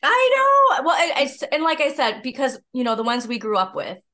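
A woman's voice: a little high, expressive, fast, a bit bright. Young woman podcasting, kinda stuffed up and nasal, laughs a lot, rambles. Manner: chatty, laughs often, rambling. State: congested, nasal from dust. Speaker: podcast co-host. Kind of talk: casual chat.

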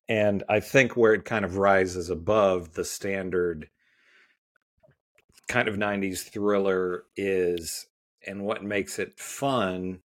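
A man co-hosting a podcast, chatting casually about a film in a halting, rambling way with many restarts. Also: low voice. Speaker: podcast co-host. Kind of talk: casual film review chat.

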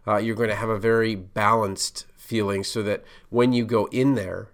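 A man's voice: on the low side, fairly even intonation, moderate pace. A man hosting a podcast, giving casual career advice in a conversational, loosely rambling way full of asides.

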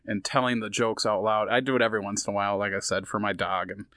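A man's voice: lowish voice, flat delivery, fast talker, bright, forceful tone, no room sound, studio quality. A man who is a comedian, talking in a casual podcast chat, rambling with many fillers and restarts. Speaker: comedian guest.

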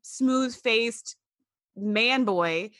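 A woman's voice: fairly high pitch, drawn-out words, fairly bright tone, no echo, clean studio sound. A woman co-hosting a casual podcast, chatty and fond of acting out characters' lines. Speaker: podcast co-host.

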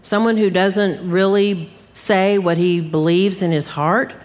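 A middle-aged woman Bible teacher giving an emphatic, animated sermon straight to her listeners. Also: fairly low pitch, slow pace. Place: church hall at a live conference. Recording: live church hall with long reverb.

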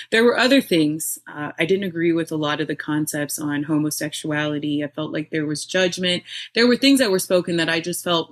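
A middle-aged woman, a podcast guest, telling her own story in a candid, animated way with bursts of laughter. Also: lowish voice. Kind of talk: personal storytelling in an interview.

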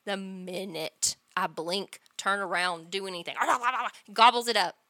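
A woman's voice: medium pitch, moderate pace, no room sound. A woman hosting a podcast, telling funny stories in casual chat with lots of laughter and some swearing. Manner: laughing, animated storytelling with profanity. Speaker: podcast host.

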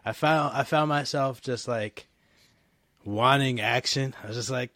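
A man's voice: mid-range voice, a little slow, fairly bright tone, no room sound. A man co-hosting a podcast, joking and animatedly recounting playing a game on a flight. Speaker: podcast co-host. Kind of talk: casual gaming chat.

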